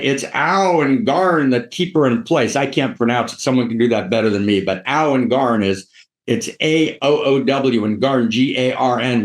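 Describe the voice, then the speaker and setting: A man giving a live teaching talk, animated and digressive, with many "you know" and "right" fillers. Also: mid-range voice. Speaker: teacher of philosophy.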